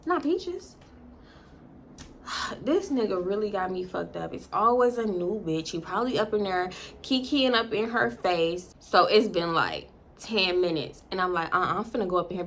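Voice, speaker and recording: A woman in her twenties telling a storytime to her viewers in a blunt, profane and animated way, talking straight to the audience. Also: medium pitch. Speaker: storytime vlogger.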